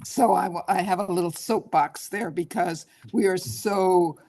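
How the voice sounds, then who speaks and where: In a dark, fairly low voice, a woman therapist answers interview questions without hurrying. Her manner is earnest and coaching, and she frequently acts out what her clients tell themselves.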